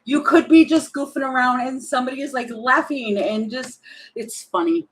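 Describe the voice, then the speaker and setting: A woman's voice: high voice, moderate pace, rough recording. A woman doing a casual, spontaneous tarot reading, thinking aloud, rambling and giggling as she goes. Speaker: tarot reader.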